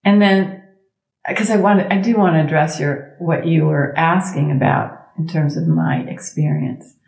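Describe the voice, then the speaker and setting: Woman, middle-aged, sound healer guest, low voice, expressive, emphatic repetitions, echoey room. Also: unhurried, creaky. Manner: expressive, acts out inner thoughts in quoted voices. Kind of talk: conversational interview.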